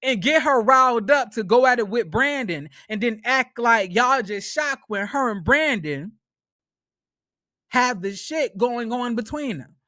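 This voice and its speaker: A man recapping a reality show in a casual commentary vlog, talking to viewers as y'all in an animated, profane way. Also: extremely high pitch, a little slow, dry recording, studio quality.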